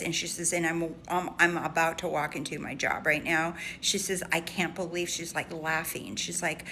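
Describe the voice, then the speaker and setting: A woman's voice: on the low side, slight background noise. A woman casually telling a story to her audience, animatedly acting out what she and a friend said. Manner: animated, acts out quoted voices in a retelling. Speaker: lifestyle and manifestation creator.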